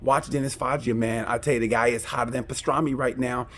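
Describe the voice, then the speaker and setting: A man's voice: mid-range voice, steady tone, quick pace, a bit bright, slight background noise. A man hosting a casual, comedic race review, rambling and joking with frequent restarts. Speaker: motorsport review host.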